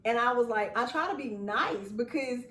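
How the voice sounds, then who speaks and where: Woman host, lively chatty delivery, high-ish voice, recorded far off in an echoey room. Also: moderate pace. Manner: animated, laughing, acts out quotes. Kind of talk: casual chat.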